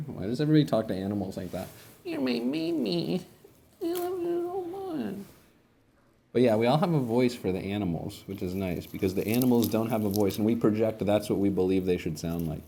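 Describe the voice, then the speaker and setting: A man's voice: on the low side, warm tone. A young man rambling and joking in a casual comedic monologue while feeding animals.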